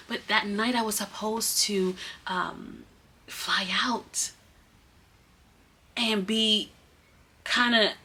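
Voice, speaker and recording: A woman who teaches kindergarten tells a story in a casual, animated vlog and speaks straight to her viewers. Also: husky. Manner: animated, emotional retelling with big swings in pitch; casual, addresses viewers as y'all.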